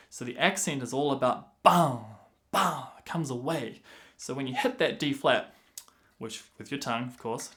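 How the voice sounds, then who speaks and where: A man's voice: medium pitch, animated, normal speed, a bit bright. Patient man teaching clarinet. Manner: patient, breaks rhythms down by counting and singing syllables aloud. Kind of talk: instructional explanation.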